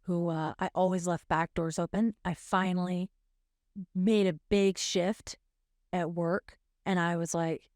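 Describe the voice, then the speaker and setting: A woman's voice: on the low side, steady tone, a little mellow, dry recording, studio quality. A young woman co-hosting a podcast, chatting casually and candidly about her own experiences and readily agreeing with her co-host. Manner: candid, relatable, quick to agree. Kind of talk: casual chat.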